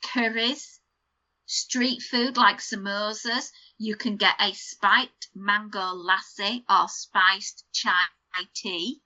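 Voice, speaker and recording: A woman's voice: medium pitch, steady tone, slow pace, sharp tone, muffled recording. A middle-aged woman co-hosting a podcast, chatting casually and savouring vivid details as she lists them. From United Kingdom. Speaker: podcast co-host. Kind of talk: casual chat.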